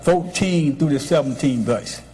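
Pastor preaching with emphatic repetition. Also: male voice, fairly high pitch, unhurried, a crowd in the background. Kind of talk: sermon.

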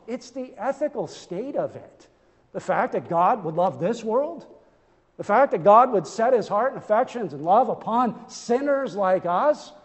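A high-pitched man preaches an earnest, emphatic sermon, stumbling over repeated words as he presses each point. His voice rings through a church sanctuary with a long trailing reverb. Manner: earnest, emphatic, with frequent stammered restarts.

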